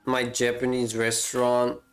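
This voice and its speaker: Slow, rambling male game streamer. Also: mid-range voice, completely flat delivery, soft background music. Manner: rambling, self-mocking jokes, drawn-out fillers. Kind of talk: casual live-stream chat while gaming.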